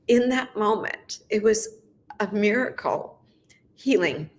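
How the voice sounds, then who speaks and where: A middle-aged woman hosting a faith series, sharing a personal testimony in soft, halting, emotional bursts. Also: mid-range voice, expressive. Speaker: host of a faith video series. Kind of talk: personal testimony, heartfelt talk.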